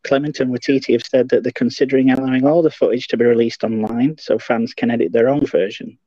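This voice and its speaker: A male podcast co-host reading film trivia in a flat, matter-of-fact way. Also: medium pitch, quick pace, no room sound. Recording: dull lo-fi.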